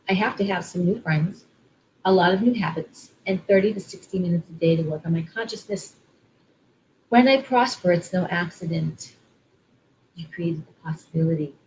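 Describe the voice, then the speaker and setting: A woman's voice: on the low side, a little mellow, low-quality recording. Woman musing about affirmations, faint hiss. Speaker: spiritual vlogger and card reader. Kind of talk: casual spiritual talk to camera.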